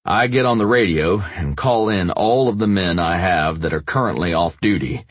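A man's voice: low voice, moderate pace, breathy edge, no room sound. A man narrating a first-person romance novel as an audiobook, lifting his voice to play the other characters.

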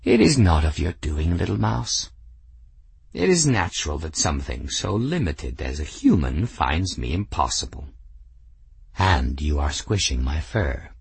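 A proud talking cat who thinks himself without flaw, as a male reader puts him on. His voice is deep, slow and husky, and each word sounds self-satisfied. It is recorded dry and close for a storybook. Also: very animated, no echo, heavily acted. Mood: smug. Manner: slow, smug, lordly.

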